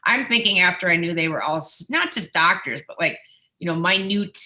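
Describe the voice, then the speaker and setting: A woman, a musician and former wrestling interviewer, telling stories in a chatty, animated way as an interview guest. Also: fairly low pitch, fairly quick. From United States. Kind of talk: casual interview storytelling.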